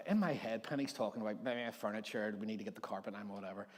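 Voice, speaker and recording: A Northern Irish pastor in his forties preaches a conversational, joke-filled sermon in a church hall, acting out voices he's overheard. His medium-pitched voice is a little mellow, with lively intonation and a rapid-fire pace with few pauses. A long reverb tail hangs after his words.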